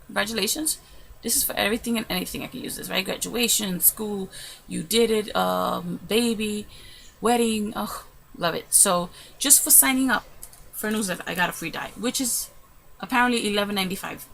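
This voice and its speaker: Chatty woman with a gravelly edge. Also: medium pitch, fairly quick, a little hiss or hum, rough recording. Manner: chatty, excitable, retells with quoted asides. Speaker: crafting vlogger. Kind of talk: casual storytelling vlog. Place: her room at home.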